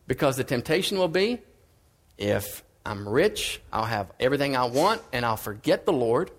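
A man preaching a sermon in a casual, conversational way, swinging between emphatic and quiet lines. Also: mid-range voice, big pitch swings, moderate pace.

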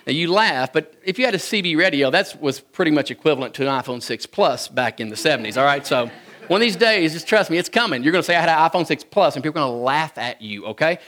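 Bright-voiced joking man. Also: medium pitch, lively intonation, brisk. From Kentucky, US. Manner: folksy, joking, chuckles often. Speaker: speaker addressing an audience. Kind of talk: humorous personal storytelling talk.

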